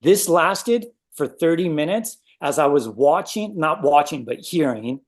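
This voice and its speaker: A man shares a personal story in a loose, casual way. His voice sits a bit high for a man, and he acts out his own reactions with plenty of animation. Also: lively intonation, a little slow. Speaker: guest sharing a story.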